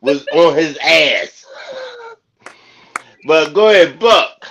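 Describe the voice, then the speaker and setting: A man's voice: fairly high pitch, animated, slow, a bit bright. A man hosting a live comedy panel, trading loose banter with guests and laughing often. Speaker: host. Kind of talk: casual comedy panel chat. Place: live talk show.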